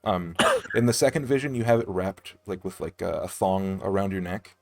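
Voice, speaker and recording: A man's voice: deep voice, normal speed, soft background music. A man narrating casually as game master in a tabletop game, with frequent swearing.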